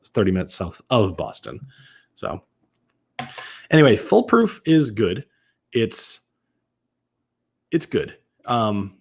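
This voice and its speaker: Rambling, low-voiced man chatting on a live stream. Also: breathy edge. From Massachusetts, USA. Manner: rambling and chatty, often restarts and corrects himself while answering chat. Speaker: whiskey reviewer hosting a live stream. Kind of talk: casual live-stream tasting chat.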